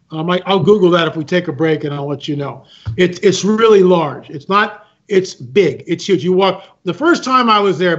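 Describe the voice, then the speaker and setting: A man speaking as a guest, telling stories with emphasis, repeating himself and acting out other people's lines. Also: high-pitched. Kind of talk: animated storytelling talk. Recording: muffled lo-fi sound.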